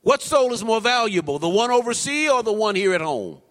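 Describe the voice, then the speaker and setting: High-voiced preacher man in a reverberant church. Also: very animated, a little fast. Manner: swings from low murmurs to high shouted preaching. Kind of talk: sermon. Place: church sanctuary.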